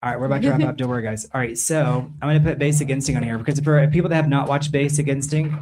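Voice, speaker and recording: A man's voice: medium pitch, steady tone, fast talker, a little mellow, a little hiss or hum. A middle-aged man hosting a casual panel chat, rambling and restarting his sentences. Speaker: show host.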